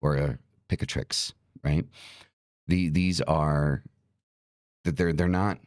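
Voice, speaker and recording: A man's voice: rumbling low, steady tone, slow pace, darkish tone, no echo, studio quality. A middle-aged man hosting a talk show, speaking bluntly and profanely in a heated, repetitive rant. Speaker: podcast host.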